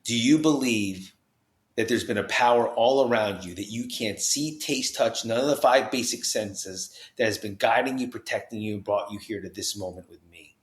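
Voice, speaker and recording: A man quoting a calm, gentle Catholic priest in a softer, quieter voice. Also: fairly low pitch, moderate pace, reverberant, lightly acted. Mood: gently solemn.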